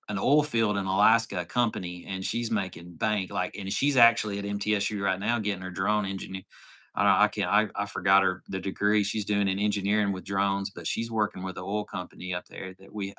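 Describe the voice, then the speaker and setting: A man's voice: sits low, level tone, moderate pace, bright, forceful tone. A man, hosting a casual off-road livestream and telling a rambling story with lots of quoted dialogue. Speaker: off-road channel host.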